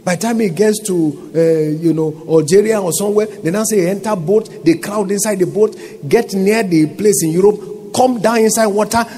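A man's voice: high voice, normal speed, warm tone. A Nigerian man, a pastor, preaching a sermon and often asking his congregation rhetorical questions.

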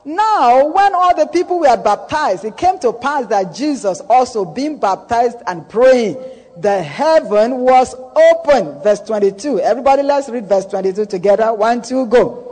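A pastor preaches a sermon in a very high voice with a lively, swooping melody. Slow and deliberate, he repeats key phrases for emphasis and declares blessings over his listeners, his words trailed by a long church-hall reverb.

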